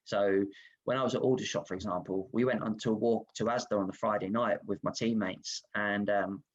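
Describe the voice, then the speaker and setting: In a muffled recording from a video call, a guest who played football speaks briskly in a fairly low voice. He shares candid, animated anecdotes about himself, reflecting frankly on his own experiences.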